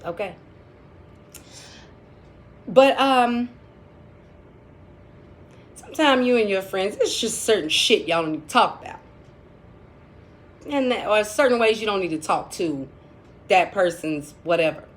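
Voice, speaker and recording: A woman's voice: mid-range voice, animated, measured pace, long pauses. A woman telling a personal story in a casual vlog, blunt and chatty, full of profanity and dramatic asides.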